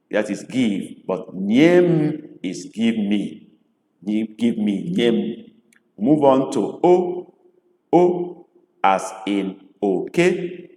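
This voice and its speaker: A man with a Nigerian accent, a native Igbo speaker, teaching pronunciation slowly and deliberately and repeating each word. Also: lowish voice, a little mellow. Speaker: language tutor. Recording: echoey room with long reverb.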